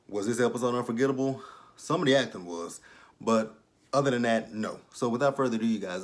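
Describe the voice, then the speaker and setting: Animated, profane young man recapping a show. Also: on the low side. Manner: animated, profane, acts out the characters' lines. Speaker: TV episode reviewer. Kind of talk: casual recap and commentary.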